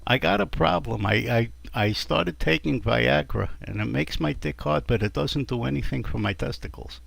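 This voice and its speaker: A man voicing a crude dirty old man who tells bawdy jokes with halting fillers over a voice chat. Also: medium pitch, vocal fry, a bit bright, dry recording. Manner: rambling, bawdy joke-telling with halting fillers. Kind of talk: voice chat stand-up joke telling.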